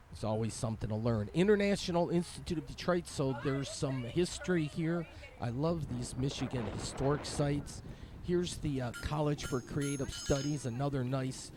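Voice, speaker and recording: A man's voice: medium pitch, noisy background. A man vlogging his walk through a night-time city holiday event outdoors, chatting in a rambling, upbeat way about the local sights, with live music playing around him. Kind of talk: casual walk-around commentary.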